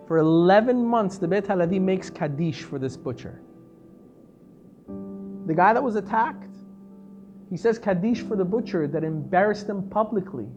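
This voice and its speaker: Animated rabbi telling a story. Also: male voice, dull audio. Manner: animated storyteller, acting out quoted voices, pitch swinging from soft to loud. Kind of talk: storytelling lesson.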